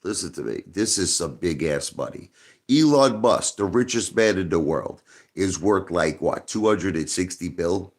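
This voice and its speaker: A man's voice: low-pitched, moderate pace. A man hosting a livestream, ranting emphatically and repeating himself as he speaks straight to a viewer. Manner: emphatic, repetitive, agitated, addresses a viewer directly. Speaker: livestream host.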